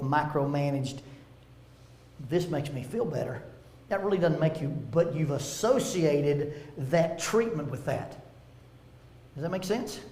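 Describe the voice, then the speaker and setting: A man's voice: fairly high pitch, a little mellow, reverberant. A man giving a church seminar, telling stories with humor and acting out quotes. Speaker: seminar speaker. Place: church meeting room.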